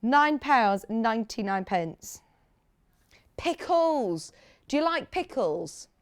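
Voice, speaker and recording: A British woman hosts a live TV shopping show about sewing, chatty and enthusiastic. Her voice sits a little high and swings widely in pitch as she gushes over each new fabric panel. She talks in a relaxed studio way. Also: takes it slowly, smooth. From United Kingdom. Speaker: shopping channel presenter. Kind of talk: live TV sewing product demonstration.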